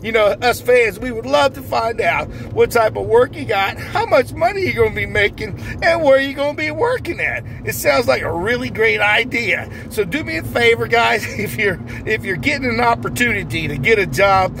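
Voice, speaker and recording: A man's voice: very high voice, animated, normal speed, vocal fry, few pauses, noisy background. Chuckling man interviewing. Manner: laughing often, folksy, plain-spoken. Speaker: comedy host posing as an interviewer. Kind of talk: comedic mock interview.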